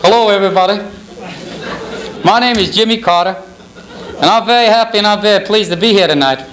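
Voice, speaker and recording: A man's voice: high-pitched, brisk, fairly bright tone. A man doing a folksy old Southern ex-president. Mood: wry. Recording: banquet hall with crowd laughter.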